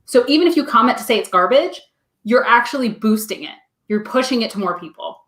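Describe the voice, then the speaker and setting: A woman's voice: on the high side, expressive, a little fast, fairly bright tone. A woman joining a live stream by video call, explaining things in a matter-of-fact, casual way. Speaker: team member, guest on the stream. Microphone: webcam on a video call. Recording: echoey room over a video call.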